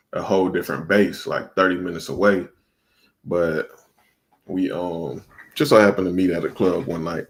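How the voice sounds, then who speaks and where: Low-voiced laid-back man telling stories. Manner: laid-back storyteller, slangy and laughing often. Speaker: podcast co-host. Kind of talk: casual chat.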